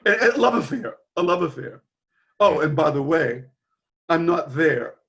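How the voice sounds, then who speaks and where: His voice is fairly high, creaky and husky, and his pace measured. The older former teacher from Boston is a guest on a video call, sharing candid stories as an animated storyteller who performs quoted dialogue and laughs a lot.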